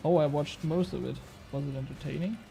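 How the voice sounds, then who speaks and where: A man's voice: on the high side, steady tone, a little fast, creaky, dark tone. A young man streaming a game, chatting casually and bantering with his chat, swearing now and then.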